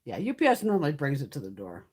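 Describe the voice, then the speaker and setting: A woman's voice: sits low, wildly swooping pitch, quick pace, darkish tone, slightly rough. A middle-aged woman hosting a makeup live stream, telling blunt, heavily profane stories and laughing through them in casual chat.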